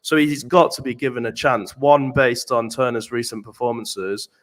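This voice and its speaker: A man's voice: medium pitch, steady tone, moderate pace. An English man talking earnestly and repeating himself as he thinks, in a casual chat on a live fan stream. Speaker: panelist on a fan show.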